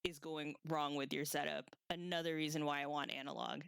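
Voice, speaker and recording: A woman's voice: low voice, fairly even intonation, brisk, creaky, fairly bright tone, smooth, no echo. A woman co-hosting a let's play stream, talking casually in a dry, matter-of-fact way about audio setup. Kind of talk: casual gaming chat.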